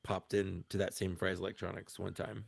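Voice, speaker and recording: A man's voice: sits low, completely flat delivery, moderate pace, creaky, breathy edge, dry recording. A man telling stories in a casual chat, in a laid-back way that trails off into laughs. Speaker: guest.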